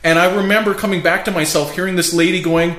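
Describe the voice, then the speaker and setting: A man's voice: high-pitched, steady tone, fast talker, a bit bright. A man animatedly telling a story in casual chat, often laughing as he talks. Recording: roomy echo with faint hiss.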